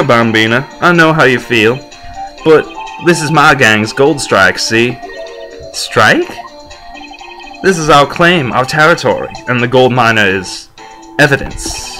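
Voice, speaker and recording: A man's voice: mid-range voice, sharp tone. A man putting on a drawling Wild West lawman. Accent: put-on Southern US. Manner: drawling, folksy. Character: swaggering cowboy-style male detective.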